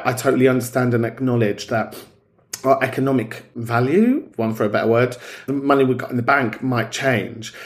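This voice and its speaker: A man hosting a podcast, talking in a frank, sweary and chatty way. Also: medium pitch. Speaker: podcast host. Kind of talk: casual chat.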